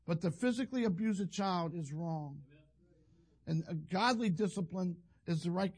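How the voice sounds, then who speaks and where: A man's voice: high-pitched, moderate pace, darkish tone, slightly rough. An older man, a pastor telling a rambling, folksy story in a sermon. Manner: rambling, folksy, self-interrupting.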